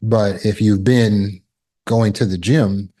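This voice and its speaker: A man's voice: on the low side, fairly even intonation, slow pace, warm tone. A man giving a motivational talk as a self-help teacher, emphatic and repetitive, explaining with everyday examples.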